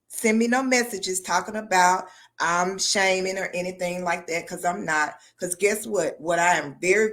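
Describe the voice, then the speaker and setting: Frank, folksy woman doctor on a live stream. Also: lowish voice. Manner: frank, folksy and emphatic, often says y'all. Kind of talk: casual live-stream talk.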